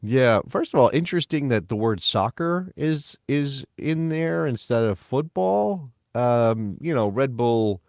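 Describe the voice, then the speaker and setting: Guy cohosting a soccer podcast, mid pitch, dry close mic, gets animated. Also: a little slow, vocal fry, hardly any pauses, no room sound. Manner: animated, mock-quotes others in high voice. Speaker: podcast co-host. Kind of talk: casual sports talk.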